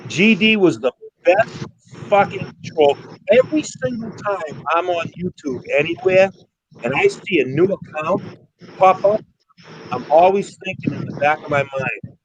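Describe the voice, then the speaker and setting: A man's voice: sits high, animated, unhurried, lo-fi sound, a little hiss or hum. A man hosting a casual online panel, telling a story in an emphatic, profane way. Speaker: live streamer hosting a panel.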